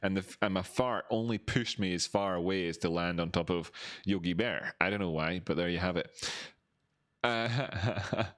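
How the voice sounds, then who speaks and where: Man, fairly low voice, chatty, self-mocking streamer reading chat, talking into a desk mic. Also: normal speed, a bit bright. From Scotland. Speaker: crypto livestream host. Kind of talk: rambling casual livestream chat.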